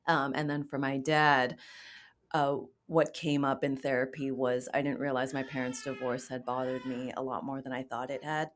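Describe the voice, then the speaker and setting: Low-voiced woman telling her story. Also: little pitch movement, moderate pace. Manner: reflective, candid storytelling. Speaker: guest. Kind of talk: casual interview talk.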